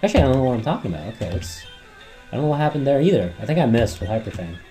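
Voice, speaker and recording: A man's voice: mid-range voice, very animated, very fast, mellow, faint music behind. Swearing, rambling let's-play man. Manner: rambling, heavy swearing, talks back at the game. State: throat worn from yelling. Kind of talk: gameplay commentary.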